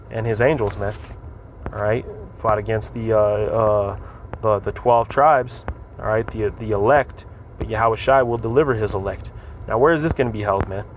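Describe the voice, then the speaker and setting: A man's voice: lowish voice, fairly even intonation, moderate pace, a little hiss or hum. A man teaching scripture in a casual, repetitive way, reading verses aloud and often adding "man" and "all right.". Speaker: religious teacher.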